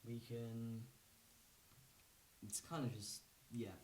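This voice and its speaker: A man giving a casual music lesson, relaxed and rambling, with lots of fillers and restarts. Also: medium pitch, slow, a little hiss or hum. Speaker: music teacher. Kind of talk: casual instructional talk. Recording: roomy, from a distance.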